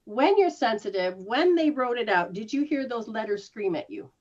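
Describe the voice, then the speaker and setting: A woman's voice: a little high, normal speed. A woman healer talks a client through her habits in a casual session. Her voice leaps up and down as she acts out startled reactions. The recording sounds muffled and lo-fi. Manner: animated, mimics reactions with gasps and laughs. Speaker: spiritual healer giving live sessions. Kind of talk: casual one-on-one coaching.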